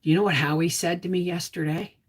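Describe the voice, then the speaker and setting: A middle-aged woman with a fairly low, slightly rough voice talks fast in a steady tone. Hosting a casual homestead live stream, she chats away, reads out viewers' names, and grows emotional.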